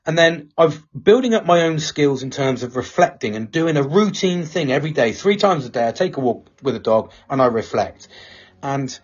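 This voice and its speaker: A man's voice: a little high, lively intonation, moderate pace, husky. A man hosting a live talk show, speaking candidly with lots of swearing and rambling restarts. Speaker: podcast host. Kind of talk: casual chat. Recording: dull lo-fi sound.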